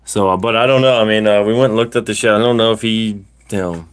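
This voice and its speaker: A middle-aged man talks casually on his livestream. His voice sits a little low. He rambles, circling back with plenty of "uh" and "you know.". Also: fairly even intonation, quick pace, clean tone. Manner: rambling storyteller, many fillers and restarts. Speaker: livestream host.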